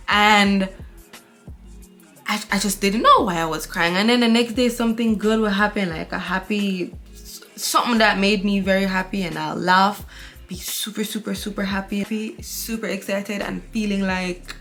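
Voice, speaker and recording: A woman's voice: mid-range voice, steady tone, normal speed, fairly bright tone, faint music behind. A young woman vlogger chatting candidly and rambling while she gets ready at home, talking into her camera. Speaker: beauty vlogger. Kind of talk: casual chat while getting ready.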